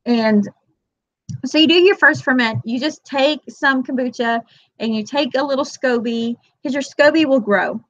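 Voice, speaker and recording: In a high, slightly bright voice at a moderate pace, free of room sound, a woman hosts her casual weekly live chat for moms. She's chatty, tells stories by voicing her friends' lines in quotes, and calls viewers "girl"; the webcam audio is dull, dry and lo-fi.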